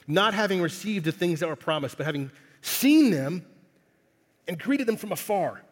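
A man preaching a sermon in a conversational, emphatic way, building to loud swells on key phrases. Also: on the high side. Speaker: pastor. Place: church hall. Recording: long hall reverb. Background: congregation in the room.

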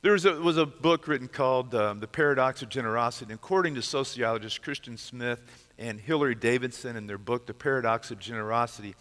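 A middle-aged man, a pastor preaching a sermon and retelling a story with dramatic swings from loud to hushed. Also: mid-range voice, fast talker, long reverb tail. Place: church sanctuary.

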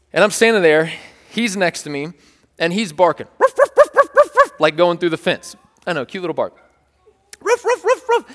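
High-voiced playful preacher in a reverberant hall. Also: male voice. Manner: animated, playful, joking with the congregation. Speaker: pastor. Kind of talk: sermon storytelling.

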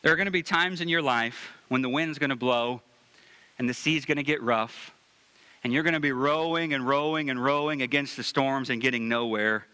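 A man preaching a sermon, reading scripture and speaking straight to the congregation, dropping to hushed low passages and rising to emphatic ones. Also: moderate pace, smooth. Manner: reads scripture aloud and comments on it directly to the congregation. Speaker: pastor.

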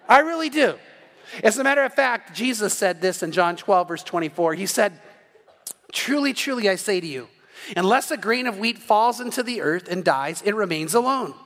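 High-voiced joking pastor in a reverberant church. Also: male voice, moderate pace. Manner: animated, joking, acts out little dialogues. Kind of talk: sermon.

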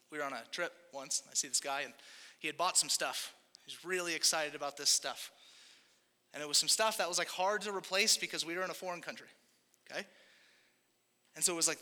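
A man's voice: sits high, sharp tone. A young man preaching a sermon as pastor, in a conversational, rambling way with jokey asides and self-corrections. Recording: long hall reverb.

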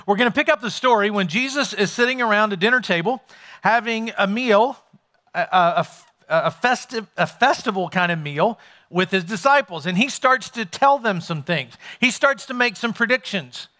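A man's voice: high-pitched, lively intonation, moderate pace, pushed and bright. A man preaching a sermon as pastor to a congregation in a church, talking in a conversational way and joking with his listeners.

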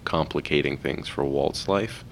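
A young man with a very deep, low voice, trading dry jokes in casual podcast chat. A faint low rumble hums in the background. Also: a little slow. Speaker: podcast co-host.

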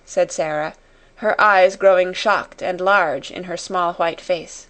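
A woman reading a chapter of a novel aloud in a steady, measured storytelling manner. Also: fairly low pitch. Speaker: audiobook reader. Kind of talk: scripted narration.

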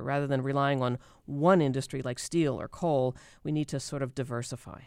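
Smooth-voiced podcast co-host. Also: medium pitch, fairly quick, few pauses, dry recording, studio quality. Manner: animated, explanatory. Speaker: public radio podcast co-host. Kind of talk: radio interview answers.

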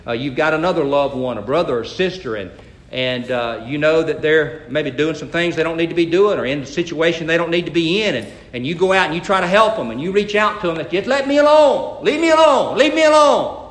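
Folksy male preacher, bright and high, restarts often, echo in the room. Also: brisk. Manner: folksy, stammers into restarts, acts out bible characters loudly. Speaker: pastor. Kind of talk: sermon.

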